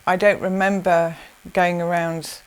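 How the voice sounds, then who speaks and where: Interviewee, woman, lowish voice, slow and halting, full of ums. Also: level tone, clean tone. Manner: hesitant, many pauses and ums, sighing. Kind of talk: recounting personal experiences in an interview.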